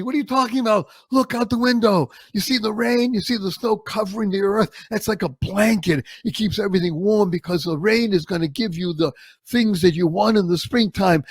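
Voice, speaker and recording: A man voicing his loving older aunt in a high, sing-song, enthusiastic voice. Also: no room sound, lightly acted. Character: warm, loving older aunt, full of wonder.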